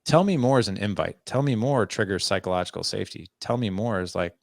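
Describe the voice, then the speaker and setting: A man's voice: fairly low pitch, quick pace, gravelly, dry recording, clean studio sound. A man in his forties, a parenting coach guest on a podcast, telling stories and acting out talks with his son. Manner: animated, acts out dialogue with his son. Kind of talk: conversational interview storytelling.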